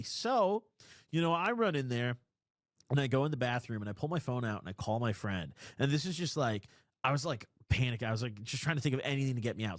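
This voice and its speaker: A man in his twenties hosting a call-in stream, telling a crude story in a rambling, animated way. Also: mid-range voice, no room sound, studio quality. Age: 20s. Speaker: call-in show host. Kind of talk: casual storytelling.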